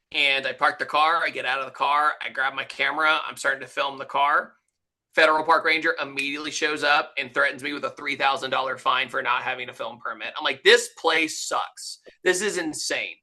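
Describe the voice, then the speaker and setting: A man's voice: mid-range voice, a little fast, poor audio. A man guest on a motoring podcast, telling a story in casual chat and acting out the people in it. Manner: animated, acts out quotes in his story.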